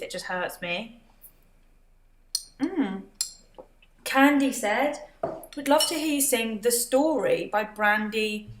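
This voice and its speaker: A woman hosting a casual livestream, chatting, laughing often and reading out viewer comments. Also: mid-range voice. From Britain. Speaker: livestream host. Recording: roomy echo.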